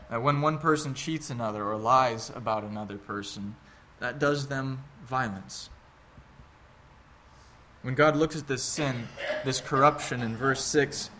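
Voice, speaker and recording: A man's voice: medium pitch, a bit bright, slight background noise. A man in his thirties preaching a sermon in a conversational, earnest way with wry asides. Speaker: pastor.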